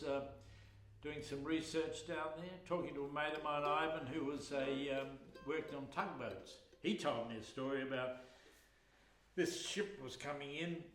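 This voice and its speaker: A man's voice: on the high side, fairly bright tone. A man, a folk singer and storyteller, spinning humorous, rambling yarns between songs on a live stage. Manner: rambling, humorous, chatty with fillers. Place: live music hall. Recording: roomy live hall with accordion.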